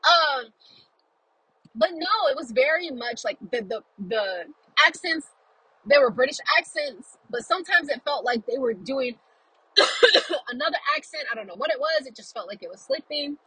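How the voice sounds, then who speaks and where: A woman vlogging a casual, chatty film review from her car while driving, animated and full of quoted reactions. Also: sits high, moderate pace, no echo, poor audio.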